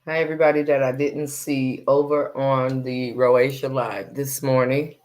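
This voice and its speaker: A woman's voice: a bass voice, little pitch movement, a little slow, darkish tone. A woman hosting a live stream, chatting casually and unhurriedly to her viewers. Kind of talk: casual chat.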